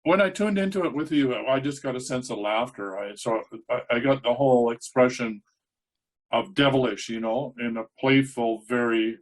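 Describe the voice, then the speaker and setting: Male host, mid-pitched, relaxed and affirming, reflective talk. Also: normal speed. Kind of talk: casual interview conversation.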